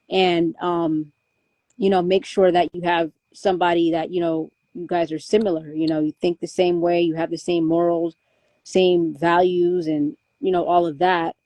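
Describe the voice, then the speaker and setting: A young woman talks frankly in a relaxed conversation, circling her thoughts with restarts and fillers. Her voice sits a bit low and sounds warm and mellow. The recording is dry and close. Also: moderate pace, dry recording. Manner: candid, rambling with many restarts and fillers. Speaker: guest. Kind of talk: casual conversation.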